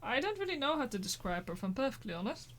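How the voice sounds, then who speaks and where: A woman streamer chats and jokes her way through a video game, reading its text aloud as she goes. Her voice sits a bit high. Her tone is casual and playful. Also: sing-song, quick pace, a bit bright, a little hiss or hum. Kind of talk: casual let's-play chat.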